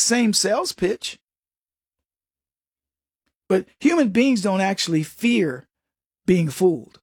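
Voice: mid-range voice, lively intonation, slow pace, long pauses, darkish tone, husky, no echo, clean studio sound. A commentator giving a sarcastic opinion monologue, mocking people and acting out quotes.

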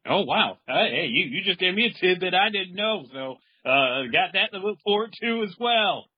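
A man hosting an interview, asking friendly, curious questions with some halting restarts. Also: sits high, expressive, slightly rough. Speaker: interview host. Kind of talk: casual interview. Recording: dull lo-fi sound.

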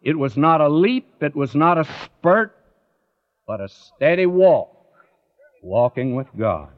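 Slow, lively-voiced man preaching a sermon. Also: a little high. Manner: earnest, addresses listeners directly with rhetorical questions. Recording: dull lo-fi recording.

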